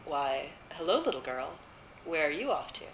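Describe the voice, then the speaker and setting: A woman voicing a sneaky male wolf who coaxes softly and puts on a sweet fake voice. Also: sits low, very animated, moderate pace, roomy sound, a little hiss or hum, exaggerated voice, poor audio. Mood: sly. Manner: sly, soft and coaxing.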